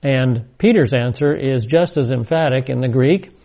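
Male Bible teacher, mellow and gravelly, deliberate and emphatic lecture delivery, muffled lo-fi recording. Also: mid-range voice. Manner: deliberate, emphatic, repeats key words.

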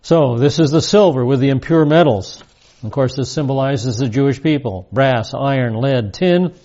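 A man teaches through scripture verse by verse, measured and explanatory, with a warm, mellow tone. He reads each passage aloud, then restates it plainly. The recording is a little dull and lo-fi. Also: mid-range voice. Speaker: Bible teacher.

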